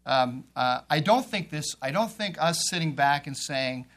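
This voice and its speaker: A man's voice: on the high side, expressive, measured pace, a bit bright. A man on a policy panel, arguing emphatically and repeating phrases as he builds his point.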